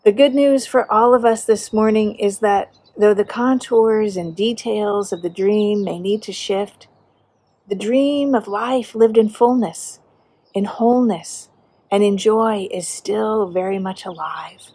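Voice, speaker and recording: A middle-aged woman pastor preaching a sermon, earnest and measured, slowing down for emphasis. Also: medium pitch, dark tone, slightly rough.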